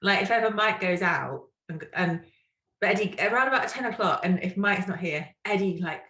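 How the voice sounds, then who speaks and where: A woman's voice: mid-range voice, lively intonation, normal speed, bright, forceful tone, echoey room, rough recording. A woman from Manchester with a Manchester accent, co-hosting a podcast in casual, chatty conversation. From Manchester, England. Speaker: podcast co-host. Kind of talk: casual chat.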